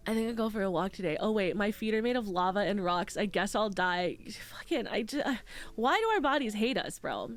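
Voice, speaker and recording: A woman's voice: mid-range voice, animated, a little fast, soft background music. A young woman streaming from home and chatting with her viewers, tearful and close to crying, swearing freely as she reads and answers chat at a desk microphone. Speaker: VTuber streamer. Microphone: desk microphone with headphones.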